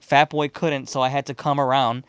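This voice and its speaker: A man's voice: medium pitch, level tone, moderate pace, fairly bright tone, clear, resonant tone, dry recording. A man from Chicago hosting a podcast, telling a story casually and profanely, rambling and laughing as he goes. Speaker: podcast host.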